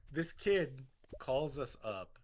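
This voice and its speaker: A man's voice: mid-range voice, a little mellow, a little hiss or hum. A man on a live stream telling rambling personal anecdotes in casual chat, with frequent restarts. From United States. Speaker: streamer co-host.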